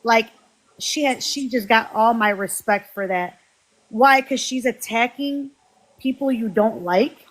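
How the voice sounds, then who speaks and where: A woman's voice: a little high, unhurried. Fired-up woman host venting on a live. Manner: animated, swearing, addresses viewers as y'all. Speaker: livestream host. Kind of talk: heated casual livestream talk.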